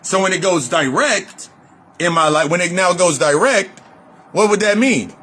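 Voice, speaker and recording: A man's voice: high voice, lively intonation, moderate pace, bright, forceful tone, husky. A man giving a casual, profane spiritual talk in loose run-on sentences, repeating phrases for emphasis. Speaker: spiritual reader and life coach. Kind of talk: freewheeling spiritual monologue.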